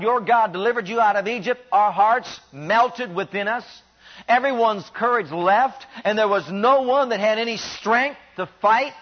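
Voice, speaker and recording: A high-pitched male preacher delivers a sermon with animated emphasis, pushing up to loud peaks and sinking to quiet, low lines. The recording is dull and lo-fi.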